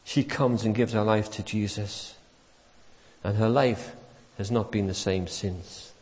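Preacher in an echoing church. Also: male voice, on the low side, unhurried. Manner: animated storytelling, acts out quotes, chuckles warmly. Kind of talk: sermon. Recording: church hall with long reverb.

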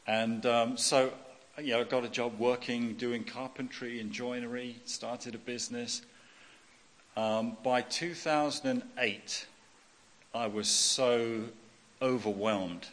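A man's voice: fairly low pitch, fairly bright tone. Middle-aged man preaching in a hall. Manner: personal testimony, emphatic repetition, frequent "okay?". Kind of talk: sermon. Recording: long hall reverb.

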